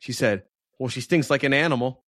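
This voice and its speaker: A man's voice: mid-range voice, fairly quick, a bit bright, no echo, studio quality. A man hosting a podcast in casual chat, laughing often and rambling with restarts. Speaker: podcast host.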